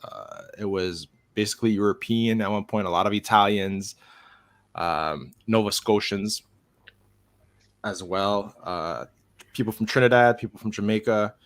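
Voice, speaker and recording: A man from Montreal hosting a casual live stream chat, jokey and quick to laugh. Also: fairly low pitch. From Montreal, Canada. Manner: laughs often, jokey, slips into accents.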